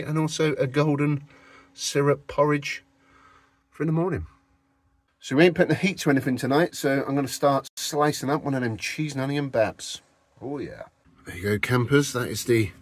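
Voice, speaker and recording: A man films a casual camping vlog inside his van. He speaks to a phone camera in a cheeky, teasing way. His voice sits at an ordinary middle pitch. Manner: cheeky, jokey, talks to camera. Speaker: vlogger.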